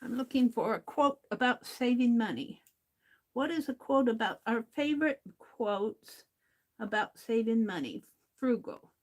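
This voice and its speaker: A woman's voice: on the high side, lively intonation, measured pace, a little mellow. A woman hosting a crafting livestream, chatting casually, thinking aloud and talking to her viewers. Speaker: livestream host.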